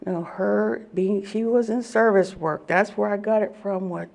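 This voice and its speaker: Woman from oklahoma sharing her story at a meeting, gravelly, lively, laughs a lot. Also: mid-range voice, moderate pace. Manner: animated storytelling, laughs often. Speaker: speaker at a recovery meeting. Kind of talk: personal testimony to a group.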